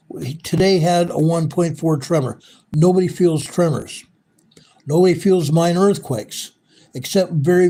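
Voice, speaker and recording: A man's voice: fairly high pitch, dark tone. A man hosting an online news show, talking casually and repetitively as he points out spots on a map.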